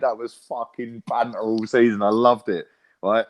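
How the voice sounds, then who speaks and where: A man chatting about football with a mate. He tells stories with animation, swears freely and keeps checking in with "right?" and "yeah?". His voice sits at an ordinary middle pitch. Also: moderate pace. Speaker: co-host, football fan pundit. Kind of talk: casual football chat.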